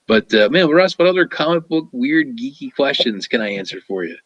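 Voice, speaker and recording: A man's voice: medium pitch, sing-song, fairly quick, a bit bright, dry recording, highs cut off. A man chatting casually as a guest illustrator, telling laid-back stories and acting out the quotes. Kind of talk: casual chat.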